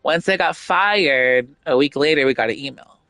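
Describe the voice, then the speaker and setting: A woman's voice: sits low, normal speed, a bit bright, dry recording, faint music behind. Blunt, outspoken woman streamer. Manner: blunt, outspoken, swears freely, rambles with many fillers. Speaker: gaming streamer. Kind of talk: casual stream chat.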